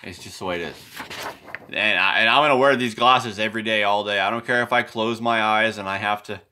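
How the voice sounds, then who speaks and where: A man rambling through an unscripted explanation of his drawings, repeating and correcting himself as he goes, often sinking low and quiet at the ends of phrases. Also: a little fast, a little hiss or hum. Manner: meandering, repetitive, self-correcting.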